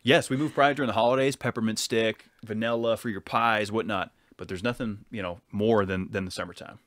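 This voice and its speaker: Fast-talking low-voiced man, casual podcast host. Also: fairly even intonation, fairly bright tone, dry recording, clean studio sound. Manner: chatty, jokey salesman banter. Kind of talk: casual chat.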